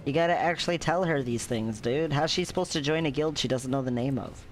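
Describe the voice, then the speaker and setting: A man's voice: a little high, fairly quick. A man chatting casually over his own game playthrough, wry and offhand. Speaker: gamer, channel host. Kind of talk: casual let's-play commentary.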